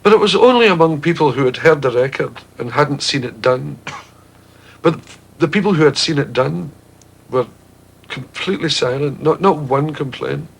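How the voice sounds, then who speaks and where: A man's voice: on the high side, expressive, normal speed, vocal fry, husky. A Glaswegian Scottish man answering interview questions in a thoughtful, wry, slightly hesitant way. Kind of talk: reflective interview talk.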